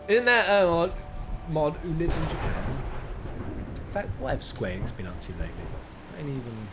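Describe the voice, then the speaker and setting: A man streaming a game and chatting in an animated, self-mocking way. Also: mid-range voice. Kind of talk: casual gameplay commentary. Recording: game music behind the voice.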